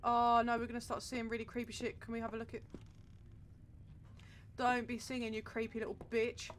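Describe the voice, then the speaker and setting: A woman's voice: on the high side, little pitch movement, a little fast, slight background noise. Jumpy, swearing woman streamer. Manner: jumpy, nervous running commentary, heavy swearing. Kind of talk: horror game let's-play commentary.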